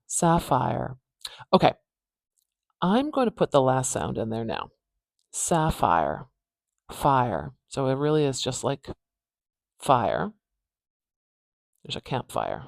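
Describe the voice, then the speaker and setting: A woman teaching pronunciation in a phonetics tutorial, patiently repeating words slowly to demonstrate their sounds. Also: rumbling low, creaky, darkish tone, no room sound.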